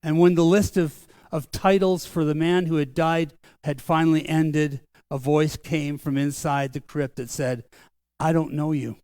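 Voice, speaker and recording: An older man preaching a sermon as pastor, earnest and conversational, slowing down for solemn lines. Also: fairly high pitch, fairly even intonation, a little mellow, no room sound, studio quality. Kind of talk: sermon storytelling. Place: church sanctuary.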